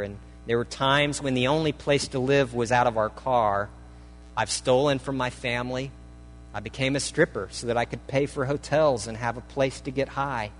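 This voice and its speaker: A man preaching a sermon, reading a testimony aloud in the first person with an earnest, dramatic delivery that swells and hushes. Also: medium pitch. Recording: reverberant hall with faint hum.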